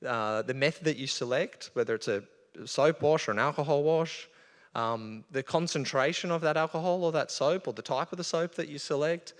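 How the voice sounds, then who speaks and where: A man's voice: fairly high pitch, a bit bright. Casual Australian man lecturing in a hall. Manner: casual, conversational, with fillers. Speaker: bee researcher giving a talk. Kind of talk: live presentation to an audience. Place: event hall. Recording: long hall reverb.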